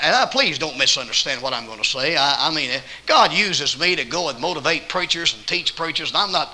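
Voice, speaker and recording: A man with a Southern accent preaching a sermon as an evangelist, telling folksy stories and quoting people, with bursts of loud emphasis. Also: a little high, low-quality recording. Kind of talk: sermon with storytelling. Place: church auditorium.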